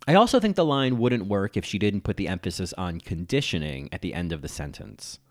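Low, lively-voiced man, TV critic reading a scripted essay, analytical. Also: fairly quick. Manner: analytical, admiring. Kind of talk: scripted video-essay narration.

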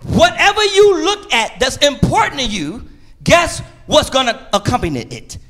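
A man preaching a sermon in church, in a call-and-response style that swings between shouts and quiet asides. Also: extremely high pitch, very animated, moderate pace. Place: church sanctuary.

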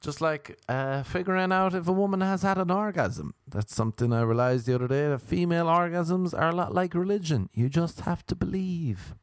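A man's voice: on the high side, a little fast, hardly any pauses, no room sound. A man doing a casual comic monologue, rambling, profane and self-mocking.

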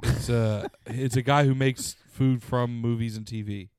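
Podcast host guy, smooth clear voice, jokes and swears, dry close mic. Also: medium pitch, fairly even intonation, a little slow, a little mellow, dry recording. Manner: joking, swearing, teasing. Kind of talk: casual chat.

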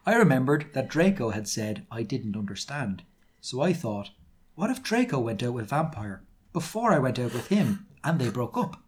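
In a mid-range voice at a moderate pace, this British co-host of a comedy podcast performs a fan fiction reading with theatrical flair and silly affected quotes.

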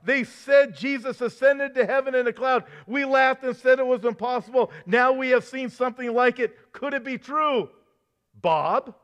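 A man's voice: very high voice, normal speed, fairly bright tone, pitched above the performer's own voice. A man playing a rattled TV news anchor. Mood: pleading. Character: rattled male TV news anchor, shaken and pleading. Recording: dull lo-fi recording.

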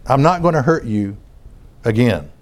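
A man's voice: mid-range voice, big pitch swings, normal speed. A man preaching a sermon in front of a congregation, talking in a conversational way and often repeating his phrases.

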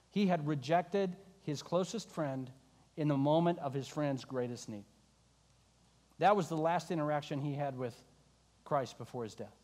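A man preaching a sermon who tells the story in an animated way and acts out the voices of the people in it. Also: fairly high pitch, in a large hall. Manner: animated, acting out the disciples' voices. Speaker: pastor.

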